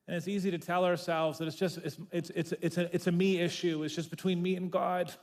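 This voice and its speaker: A man pastor preaching a sermon, telling the story in an animated way and repeating words as he builds. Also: high voice, a little fast. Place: church sanctuary. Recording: long reverb of a church hall.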